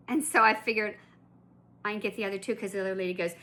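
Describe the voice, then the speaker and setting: A woman vlogger tells a story as a casual rant, chatty and indignant, stopping for asides and restarts along the way. Her voice is bright and clear. A faint hum of ambience sits behind her. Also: medium pitch, fairly even intonation, fast talker. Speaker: collector vlogger.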